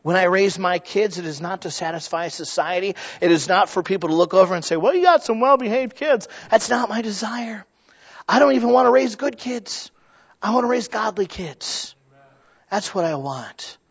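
Pastor, male, middle-aged, high voice, lively sermon with restarts, slightly muffled recording. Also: normal speed, breathy edge. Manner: lively storytelling with frequent restarts and asides. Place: church sanctuary.

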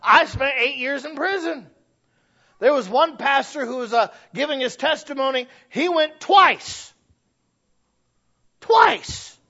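A pastor preaches in a high-pitched voice, moving between easy conversation and emphatic points. He often restarts his sentences. The recording sounds dull and lo-fi. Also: moderate pace, sharp tone. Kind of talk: sermon.

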